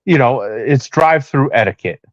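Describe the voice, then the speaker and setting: A man's voice: medium pitch, expressive, normal speed, no echo, muffled recording. A married man co-hosting a casual podcast, rambling and joking about himself, with lots of restarts. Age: adult, married. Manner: rambling, self-deprecating, many restarts. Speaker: podcast co-host. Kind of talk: casual chat.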